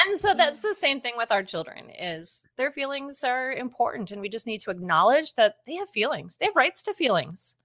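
A woman co-hosting a parenting podcast, talking in an expressive, emphatic, casual way. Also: fairly high pitch, normal speed, few pauses, no room sound. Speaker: podcast co-host. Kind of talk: casual conversational podcast talk.

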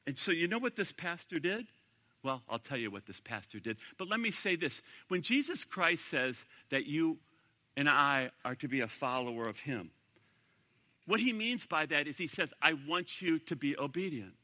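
Bright, high-voiced preaching man. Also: sing-song, normal speed, long reverb tail. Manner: emphatic preaching, repeats key phrases. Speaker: pastor. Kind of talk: sermon.

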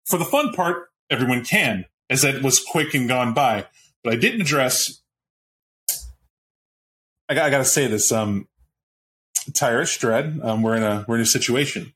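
Man running a tabletop game, casual and rambling, mid-pitched, faint background hiss. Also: animated, moderate pace, pauses often, a bit bright. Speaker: game master. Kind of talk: narrating a tabletop role-playing game.

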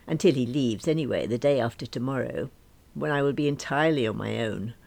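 A woman's voice: extremely low pitch, a little fast, creaky, a little mellow. A woman in her late forties reading a first-person story aloud with wry, dry humour. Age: late 40s. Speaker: narrator.

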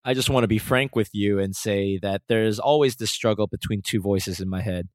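Low-voiced man hosting a solo podcast. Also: normal speed, hardly any pauses, dry recording. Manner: self-mocking, playful and earnest in turns. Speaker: podcast host. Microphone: close podcast mic.

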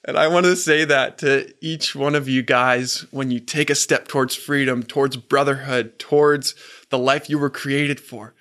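During a faith talk for men, a gentle, earnest coach reads the group's answers aloud, deliberately slowing on quoted words. He speaks at medium pitch with fairly even intonation.

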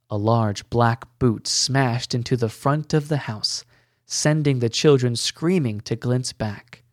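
Male storyteller, scripted narration, slow and measured, close dry sound. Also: medium pitch, dry recording.

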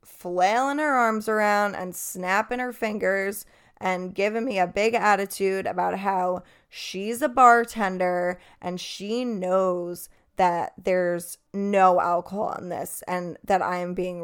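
A woman's voice: mid-range voice, measured pace, clean tone. A young woman in her twenties, a bartender and podcast host, telling a story in a casual, profane, exasperated way.

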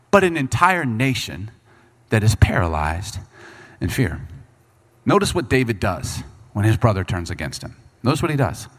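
A man preaching a sermon, reading scripture and breaking into quick acted asides as the people he talks about. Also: lowish voice. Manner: animated preaching, voices Bible figures and people in quick asides. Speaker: pastor.

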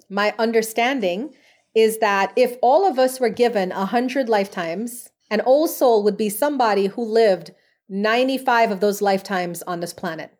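A woman talks as a guest on a podcast, her voice sitting at an ordinary middle pitch. She tells her stories in an earnest, chatty way, sprinkling in casual fillers as she goes. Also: darkish tone. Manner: earnest storytelling with frequent "like" fillers. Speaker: podcast guest, medium and past life regression therapist. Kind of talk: conversational interview answers.

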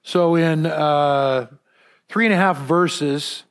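A man giving a conversational sermon as a pastor, telling personal stories in a relaxed, rambling way with gentle self-deprecating humor and frequent fillers and restarts. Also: on the high side, takes it slowly, clear, resonant tone.

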